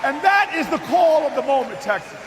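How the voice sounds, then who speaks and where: A man with a very high voice delivers a rousing convention speech, moving from storytelling into shouted, repeated calls to the audience. He is heard in a large hall that gives his voice a long, ringing reverb. A faint crowd murmurs behind him. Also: big pitch swings, brisk. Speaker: political speaker at a party convention. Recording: echoey hall with crowd noise.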